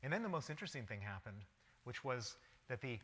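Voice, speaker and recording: Very animated and fast, this guest lecturer's mid-range voice has a fairly bright tone as he tells a personal story in the vivid present tense. The public lecture is recorded with a lecture hall's long reverb.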